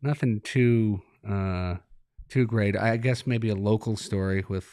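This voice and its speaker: A man's voice: lowish voice, fairly even intonation, a little slow, mellow, no room sound, studio quality. A man, a hockey coach talking in an interview, laid-back and rambling, laughing as he tells stories. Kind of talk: relaxed interview talk.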